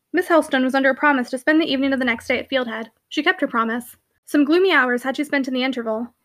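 A woman reading a classic novel aloud, narrating briskly with lightly voiced dialogue. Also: high voice, a bit bright. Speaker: audiobook reader.

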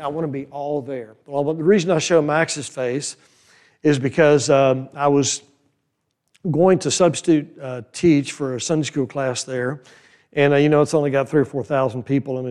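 An older man preaching a sermon in a folksy, animated way, full of rhetorical questions to the crowd. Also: fairly high pitch. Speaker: conference speaker.

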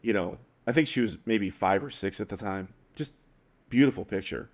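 A man with a fairly low voice speaks haltingly as he tells a personal story. He is close to tears and his words keep breaking off and starting again. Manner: tearful, halting, with soft laughs. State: crying at times. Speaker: guest.

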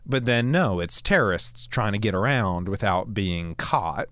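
Animated man hosting a Christian talk show. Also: on the low side, measured pace, no echo. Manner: conversational, animated, restarts often. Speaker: podcast host. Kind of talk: casual Christian commentary.

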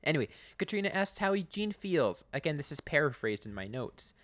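A man's voice: fairly high pitch, sing-song, brisk, a bit bright. A young man co-hosting a podcast, recapping episodes in casual, laughing chat with many restarts.

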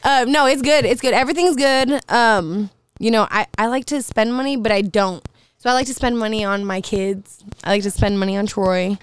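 A woman's voice: fairly high pitch, moderate pace, smooth. Laughing, foul-mouthed young woman. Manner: laughing, swearing, loose and playful. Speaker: podcast guest. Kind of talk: casual chat.

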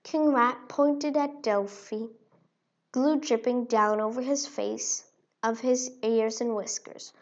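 A woman narrating a children's storybook in an expressive read-aloud way. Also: a little high, slow. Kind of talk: storybook reading. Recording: dull lo-fi recording.

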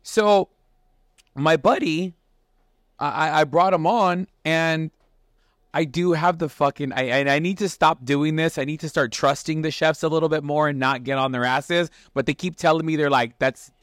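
Profane, animated man, fairly high voice. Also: moderate pace, no room sound, clean studio sound. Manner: profane, animated, restarts often, acts out quotes. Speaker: podcast host and chef. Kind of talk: casual storytelling chat. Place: restaurant kitchen.

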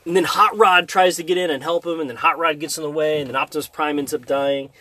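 Animated man telling a story. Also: on the high side, fast talker, no echo. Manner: animated storyteller who hums tunes and acts out scenes. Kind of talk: casual chat storytelling.

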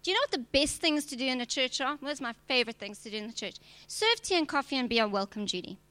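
A woman's voice: high voice, expressive, fast, pushed and bright, smooth, no room sound. A woman preacher, giving a direct, emphatic sermon with touches of humor. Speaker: preacher and church leader.

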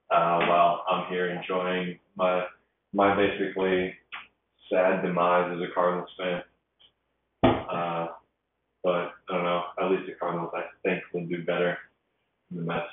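A young man co-hosting a casual podcast chat, telling rambling, animated stories with lots of fillers. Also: deep voice, a little hiss or hum. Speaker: podcast co-host. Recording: distant, echoey, phone-quality recording.

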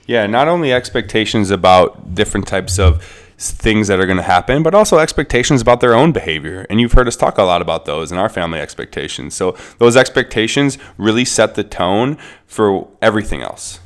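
A man's voice: lowish voice, lively intonation, fairly quick. A man in his thirties co-hosting a parenting podcast, explaining child behavior in a conversational way. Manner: explanatory, conversational, reasons aloud. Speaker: podcast co-host.

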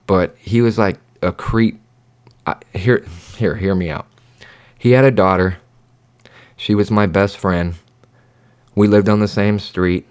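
A man's voice: on the low side, fairly even intonation, measured pace, pauses often, clear, resonant tone. A man hosting his own podcast, telling his life story in a blunt, profane, rambling monologue. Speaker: podcast host. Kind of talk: candid personal monologue.

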